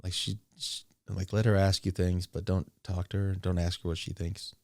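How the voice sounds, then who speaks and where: A man's voice: low-pitched, little pitch movement, moderate pace, dry recording. A man casually telling a long story, rambling with crude asides and laughs. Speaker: streamer.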